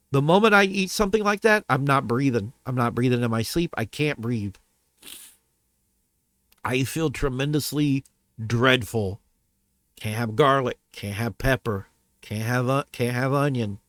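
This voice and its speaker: A man with a mid-range, fairly bright voice rants angrily to his camera about a bad restaurant visit. The vlogger gets heated and profane and keeps repeating himself. The recording is dry.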